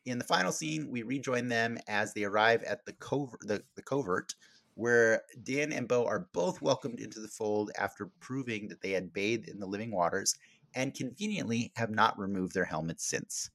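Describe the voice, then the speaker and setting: A man's voice: lowish voice, moderate pace, creaky, a bit bright, no room sound, studio quality. A man hosting a podcast, chatting casually and rambling, with many fillers and restarts. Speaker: podcast host.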